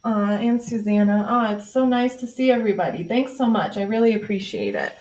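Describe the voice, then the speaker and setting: Casting: woman, mid-pitch, relaxed live-stream host chatting while painting, slightly dull lo-fi audio. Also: a little fast. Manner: chatty, loose, many fillers, reading viewer comments.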